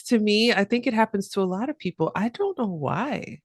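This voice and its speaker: A woman hosting a podcast who asks curious, eager questions and reacts warmly to her guest. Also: a little high, animated, a little fast, no room sound, studio quality. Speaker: podcast host. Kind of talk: casual interview chat.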